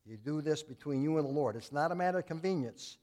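A man preaching as a Baptist pastor, folksy and plain-spoken, swinging between loud emphatic lines and quiet asides. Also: on the high side, expressive, fast talker. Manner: folksy, telling jokes and acting out voices. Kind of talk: sermon.

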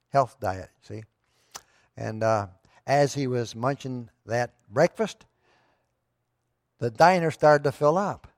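A man's voice: mid-range voice, dry recording, studio quality. A pastor preaching a sermon to his church, telling a story in a conversational way that rises to emphatic moments.

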